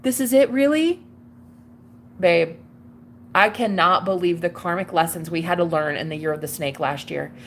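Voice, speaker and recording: A woman's voice: on the low side, fairly even intonation, normal speed, fairly bright tone. A young woman talking to camera in a casual, confessional way, gushing and chatty, calling her listener girl and babe. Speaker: tarot reader and vlogger.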